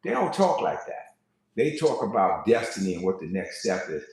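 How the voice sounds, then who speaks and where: A man's voice: fairly low pitch, sing-song, normal speed, darkish tone. A man giving casual motivational preaching to a live online audience, quoting scripture and repeating words as he starts a thought. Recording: very echoey room.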